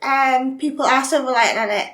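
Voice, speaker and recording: A woman's voice: high voice, moderate pace, a bit bright, a little hiss or hum. A woman co-hosting a podcast in casual chat, chiming in with short replies. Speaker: podcast co-host. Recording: echoey room.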